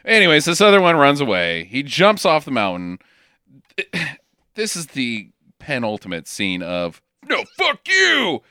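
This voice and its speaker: Male podcast co-host, bright lively delivery, sarcastic and profane, dry close sound. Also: medium pitch, measured pace, clear, resonant tone, no echo. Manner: sarcastic, joking, swearing. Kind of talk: casual movie-recap chat.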